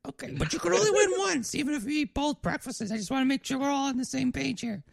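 Man putting on a high fussy diner waitress. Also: expressive, fast, vocal fry. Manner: fussy, over-explaining.

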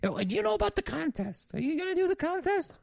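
A man voicing a chatty diner waitress in a high, fussy voice. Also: very animated, fast talker, creaky, darkish tone, heavily acted. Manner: fussy, over-explaining.

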